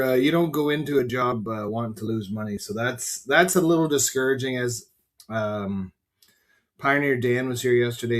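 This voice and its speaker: A middle-aged farmer man from Canada chats loosely through a livestream, rambling from one thought to the next. He swears casually and talks straight to his viewers by name, frank and unpolished. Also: medium pitch. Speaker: farmer and podcast host.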